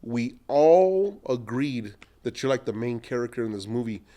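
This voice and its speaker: A middle-aged man, an entrepreneur, telling long animated anecdotes in a podcast interview and acting out what other people said. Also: medium pitch, normal speed. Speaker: entrepreneur guest.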